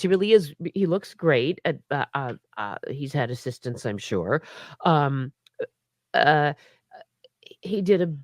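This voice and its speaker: A woman's voice: low-pitched, no room sound, studio quality. Chatty middle-aged woman with hiccups. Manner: chatty, laughing, many restarts. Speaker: guest performer. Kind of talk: casual interview chat.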